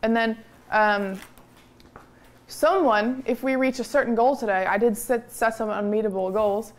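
Woman streamer, somewhat high voice, loud and profane casual chat, home room. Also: steady tone, unhurried. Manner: loud, swears and laughs often. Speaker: co-host of a livestream. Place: indoor home room with a fireplace.

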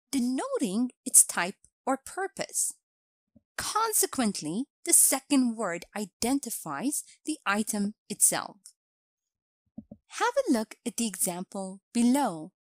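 A woman reads a scripted grammar lesson at a slow, careful pace. Her pitch sits a little high and moves up and down a lot. The recording is dry and close. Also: no echo. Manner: slow, clear instructional delivery. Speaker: English teacher.

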